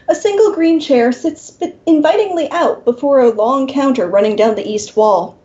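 A woman narrating an interactive fiction game aloud for her co-hosts, in an expressive reading style, on a slightly dull recording. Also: on the high side.

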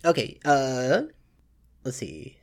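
A man narrating a tabletop game as game master, relaxed and halting, with many fillers. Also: medium pitch, creaky.

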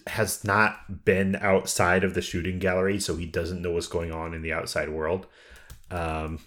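A man's voice: sits low, fairly bright tone. A man co-hosting a casual podcast chat, talking in a meandering way and often restarting his thoughts. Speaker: podcast co-host.

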